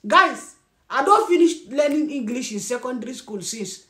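High-voiced Nigerian woman ranting bluntly. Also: normal speed. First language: Birom. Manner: blunt, scolding, animated, laughs often. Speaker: commentary vlogger. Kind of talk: ranting commentary. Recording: echoey room.

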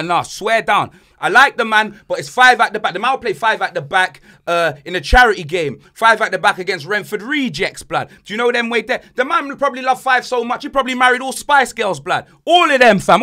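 A young man hosting a casual banter podcast, ranting and joking in an animated way. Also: high voice. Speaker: podcast host.

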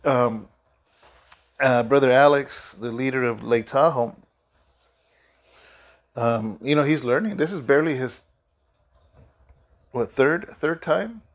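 Tired, rambling middle-aged pastor. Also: male voice, medium pitch, slow, pauses often. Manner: rambling, conversational, many fillers and restarts. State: sleepy, yawning. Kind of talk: casual spoken devotional.

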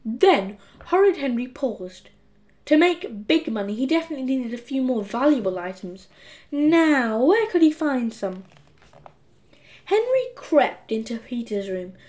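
Woman, children's audiobook narrator, expressive, playful, high voice, unhurried.

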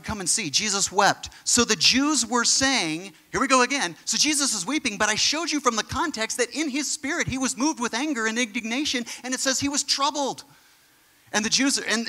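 A man preaching a sermon in an animated, conversational way, acting out quotes as he teaches. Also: sits high. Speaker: pastor.

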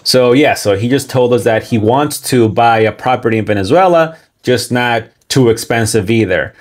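A man casually commenting on and translating livestream clips, talking in a relaxed, conversational way with frequent pauses. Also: mid-range voice.

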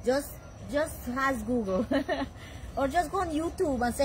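A chatty woman with a Guyanese accent hosts her backyard cooking vlog after dark, her voice sitting a little high. She laughs easily and talks warmly with her family between bites. Faint crickets chirp behind her. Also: a little slow, a little hiss or hum, rough recording. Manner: chatty, affectionate, laughs often, talks while eating. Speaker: vlog host. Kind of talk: casual food vlog chat. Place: backyard outdoors at night.

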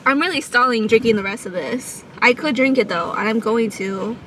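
High-voiced young woman vlogging outdoors. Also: normal speed. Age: young adult. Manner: crude, self-mocking, laughing, hyping herself up. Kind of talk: casual vlog chatter. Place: outdoors at a beach. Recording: loud outdoor noise.

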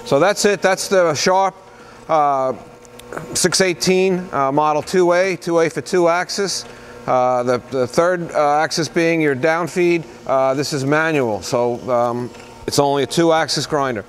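A man working as a used machinery dealer walks through a machine in an unscripted product demo. He talks in a plain, halting way, pausing with lots of fillers as he goes. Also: a little high, a little hiss or hum. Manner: plain-spoken, halting, pauses with many fillers. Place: indoor machinery shop floor.

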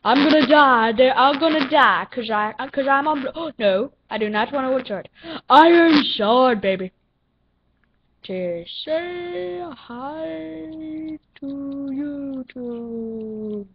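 A young female gaming channel host giving excitable, playful commentary while playing, with silly sound effects. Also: high-pitched, normal speed. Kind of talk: casual gameplay commentary. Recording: dull lo-fi recording with faint noise.

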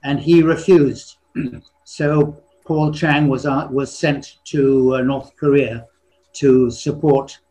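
A man in his eighties giving a slide lecture on history, pausing often and clearing his throat between phrases. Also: medium pitch, a little mellow, poor audio. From born in China, raised partly in England. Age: 80s. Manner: frequently clears his throat, halting with restarts. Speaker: retired surgeon giving a history talk.

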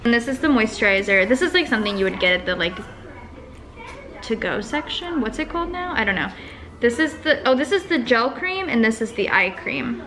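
A woman's voice: a little high, expressive, a little fast, sharp tone. A young woman chatting casually at home to a handheld camera, rambling and correcting herself as she goes. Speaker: vlogger. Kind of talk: casual vlog chat.

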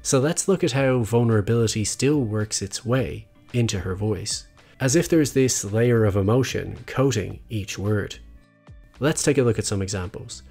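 Measured man narrating a video essay. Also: medium pitch, a little mellow. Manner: measured, analytical delivery. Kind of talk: scripted narration. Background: faint background music.

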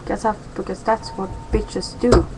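A woman's voice: medium pitch, little pitch movement, unhurried, heavy background noise. A young woman chatting in a rambling, playful way in a casual daily vlog from home. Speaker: vlogger.

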